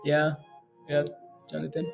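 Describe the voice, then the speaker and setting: Brief: rambling, upbeat male stream host with a somewhat high voice, faint music underneath. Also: completely flat delivery, measured pace, gravelly, lo-fi sound. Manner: rambling, chatty, reads chat aloud, frequent fillers and laughs. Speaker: day-trading livestream host. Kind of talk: casual live-stream commentary.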